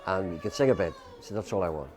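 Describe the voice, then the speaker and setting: A man's voice: deep voice, expressive, very fast. An Irish man, a guest musician, telling a long rambling anecdote, quoting people's lines and filling with "you know".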